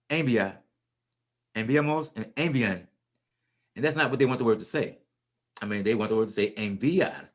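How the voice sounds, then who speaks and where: A man with a medium-pitched voice teaches a Spanish class in a laid-back, casual style, frequently repeating and restarting words as he explains.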